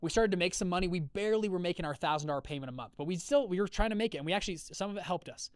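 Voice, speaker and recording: A man hosting a live call, telling a personal business story in a conversational way, acting out quoted dialogue with lively shifts. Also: sits high, very fast, clean tone, dry recording, clean studio sound. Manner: energetic, acts out quoted dialogue with shifting voices; conversational, many fillers and check-ins. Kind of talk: storytelling talk to an audience.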